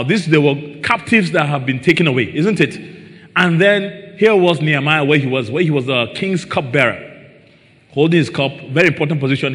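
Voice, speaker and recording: A man's voice: on the high side, a bit bright. A man preaching a sermon, often asking his listeners rhetorical questions. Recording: long reverb in a large hall.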